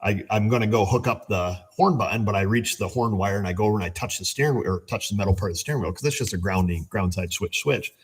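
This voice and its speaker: Mechanic guy ranting about parts, low husky voice, lots of swearing. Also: quick pace, hardly any pauses. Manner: animated, exasperated storytelling with swearing. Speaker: auto repair shop owner. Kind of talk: casual shop vlog rant.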